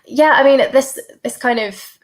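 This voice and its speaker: A woman's voice: high voice, unhurried. A woman who used to be a doctor, hosting a podcast interview, speaking reflectively with frequent fillers and repeated words. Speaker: podcast host, former doctor. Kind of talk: conversational interview.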